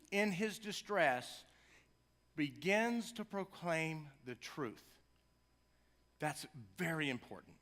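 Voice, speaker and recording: High, bright-voiced male pastor preaching. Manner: conversational, jokey asides, rising to impassioned cries. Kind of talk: sermon. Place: church sanctuary.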